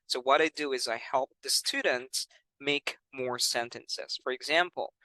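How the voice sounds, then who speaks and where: A man's voice: medium pitch, measured pace, sharp tone, dry recording, rough recording. A man explaining how he teaches English, speaking patiently and often saying "all right" and "you know".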